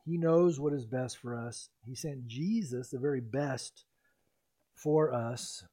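A man preaching a sermon in an expressive way, rising to loud emphasis and dropping to hushed, quiet lines. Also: mid-range voice, takes it slowly, breathy edge. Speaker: pastor.

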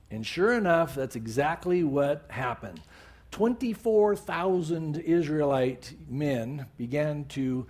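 A male preacher retelling a Bible story in a sermon, with animated storytelling and bursts of emphasis. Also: fairly high pitch.

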